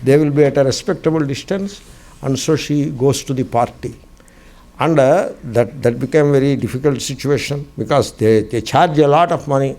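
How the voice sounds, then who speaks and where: A man's voice: medium pitch, moderate pace, darkish tone. A man with an Indian English accent teaching a scriptural class, telling anecdotes with frequent chuckles and repeating short phrases for emphasis. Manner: chuckles often while telling stories. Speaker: spiritual teacher.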